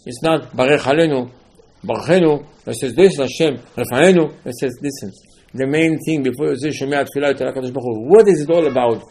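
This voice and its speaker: Gravelly emphatic male rabbi. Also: medium pitch, brisk, darkish tone. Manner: emphatic, rhetorical questions, acts out dialogue. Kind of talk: Torah lecture.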